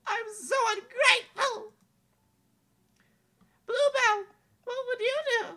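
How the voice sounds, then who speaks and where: A woman voicing an excitable young princess in a high, squealing, overacted voice. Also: takes it slowly, heavily acted. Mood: bubbly.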